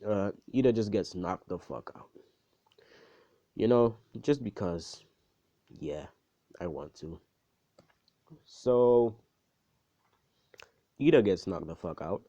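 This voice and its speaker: Low-voiced man rambling through a story. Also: expressive, slow pace, pauses often, dark tone. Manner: rambling, swears often, many fillers. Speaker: storyteller retelling a fan story. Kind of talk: casual storytelling. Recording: dull, dry lo-fi recording.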